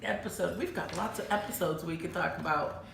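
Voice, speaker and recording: A middle-aged woman co-hosting a casual chat, giggly and quick to react. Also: on the low side, gravelly. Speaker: co-host. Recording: echoey room, distant mic, light noise.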